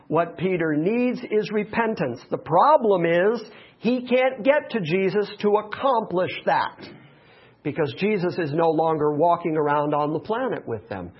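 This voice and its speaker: A man preaches with emphatic, repeated phrases. His voice sits a little high and has a husky edge. The recording sounds dull and lo-fi. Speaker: pastor. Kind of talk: sermon.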